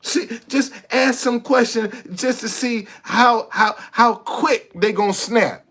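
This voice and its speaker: A man's voice: extremely high pitch, takes it slowly, fairly bright tone. A man hosting a casual livestream monologue, blunt and preachy, repeating himself and cursing. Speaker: livestream host.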